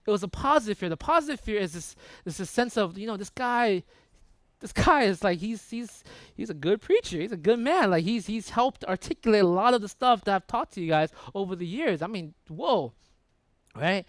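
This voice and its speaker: A man preaching a sermon in a conversational, animated way, often checking in with the congregation. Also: high-pitched, normal speed, no echo. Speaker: pastor. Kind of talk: sermon with storytelling.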